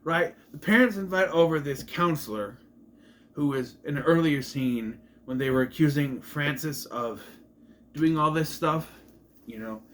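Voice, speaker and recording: A man's voice: a little high, measured pace, fairly bright tone, slight background noise. A man casually recapping a movie, rambling and trailing off into asides. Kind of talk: casual film recap commentary.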